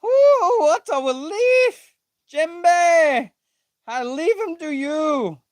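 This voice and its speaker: A man's voice: very high voice, lively intonation, extremely slow, dry recording, studio quality, voice pushed up, heavily acted. A man doing a squealing, brash young cartoon hero. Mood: excited. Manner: shouty, squealing.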